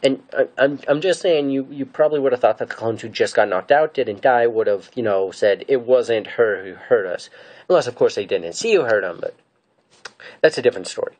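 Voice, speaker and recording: A man's voice: medium pitch, lively intonation, fairly quick, a little mellow. A man casually recapping and giving opinions on episodes of a show, rambling and hesitant with many fillers and restarts. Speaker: fan reviewer.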